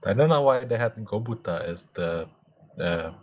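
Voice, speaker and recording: A man co-hosting a live reaction to an animated series, casually explaining jokes and cultural references. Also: on the low side, moderate pace, narrow, tinny audio. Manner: explains things to his co-host.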